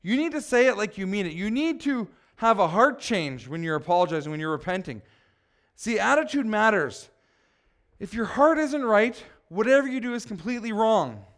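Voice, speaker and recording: Man, pastor, sermon, high voice, emphatic, questions to the congregation. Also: big pitch swings, moderate pace, a bit bright.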